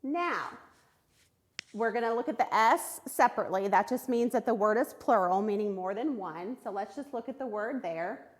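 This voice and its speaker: A woman teaching a recorded phonics lesson to young children, sounding out words clearly and praising answers. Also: medium pitch, lively intonation, normal speed. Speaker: third grade reading teacher.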